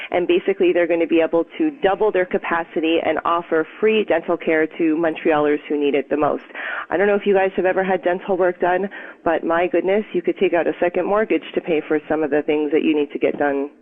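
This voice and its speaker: A woman journalist calling into a radio talk show, chatty and upbeat. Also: fairly low pitch. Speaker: guest journalist. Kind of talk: casual radio chat. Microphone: phone line. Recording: tinny phone line.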